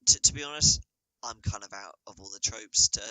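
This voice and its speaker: A young man co-hosting a podcast in casual chat, animated and halting, with frequent swearing and restarts. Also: lowish voice, dry recording, poor audio. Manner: animated, ranting, swears freely. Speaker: podcast co-host.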